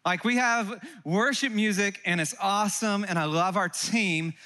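A middle-aged man from California preaching a sermon to a live congregation, animated and joking, with quick asides to the listeners. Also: high voice. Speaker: pastor. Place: church hall before a live congregation.

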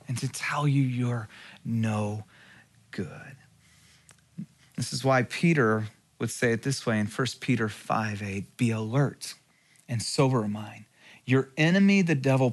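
A man preaching a sermon as pastor, earnest, with rhetorical questions and strong emphasis. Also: on the high side.

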